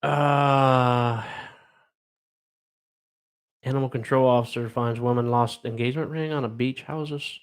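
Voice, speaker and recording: A man's voice: mid-range voice, steady tone, measured pace, long pauses, smooth. A middle-aged man from Ohio hosting a casual live stream, reading odd news stories aloud and rambling wryly with lots of fillers. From Ohio, USA.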